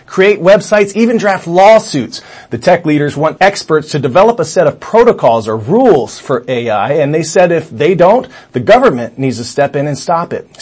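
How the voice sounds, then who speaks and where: A male news anchor reading a scripted news intro in a steady, formal way. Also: fairly high pitch, slightly rough.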